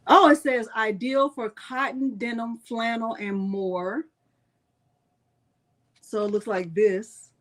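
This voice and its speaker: A woman's voice: a little high, fairly even intonation, takes it slowly, pauses often. A woman hosting a casual live-stream crafting tutorial, chatting with viewers and reading product labels aloud.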